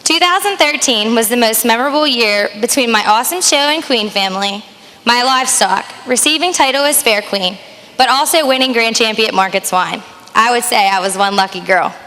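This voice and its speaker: A woman's voice: on the high side, a little fast, pushed and bright, long reverb tail. A young woman, the outgoing county fair queen, reading an earnest farewell speech while trying not to cry. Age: young adult. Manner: earnest, emotional, holding back tears. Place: outdoor fair stage with PA system.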